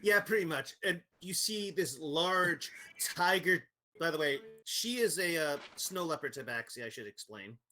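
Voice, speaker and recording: Bright-voiced male game master. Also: a little high, animated, unhurried. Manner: laughing often, chatty and loose. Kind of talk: narrating a tabletop game.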